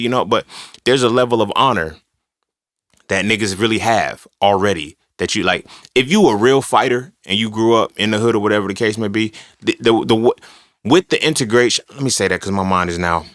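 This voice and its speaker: Recorded in studio quality with no echo, a male podcast host rambles through a casual monologue on his own. He's profane and emphatic, and he keeps checking in with "you feel me." His voice is fairly low in pitch with a fairly bright tone.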